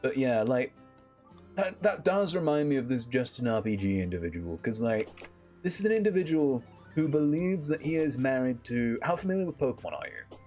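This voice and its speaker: A man's voice: mid-range voice, sing-song, moderate pace, darkish tone, faint music behind. A young British man streaming a game, chatting casually with friends and bursting into laughter.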